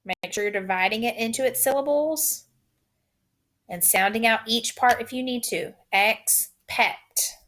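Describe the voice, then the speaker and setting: A woman teacher giving a recorded phonics lesson, saying each word twice in slow, drawn-out dictation. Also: on the high side, a bit bright.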